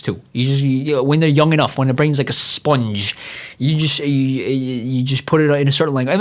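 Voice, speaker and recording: A young man from New hosting a podcast alone, ranting with lots of swearing, rambling and stumbling over his words. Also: a little high. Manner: rambling, profane, stumbles and restarts often. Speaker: podcast host. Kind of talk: profane solo rant.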